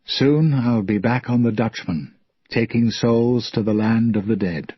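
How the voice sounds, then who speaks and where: A man voicing a sad young sea captain in a story reading, speaking calmly and gently. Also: medium pitch, measured pace, breathy edge, no echo, dull audio. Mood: gentle. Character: young man, cursed ship captain, sad but steady.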